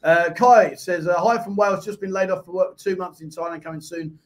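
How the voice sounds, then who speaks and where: A man with a London accent hosts a casual live-stream chat show. His voice sits high, and he reads out viewer comments before answering each one in a chatty, off-the-cuff way. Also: fairly even intonation, a little fast. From England. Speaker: host.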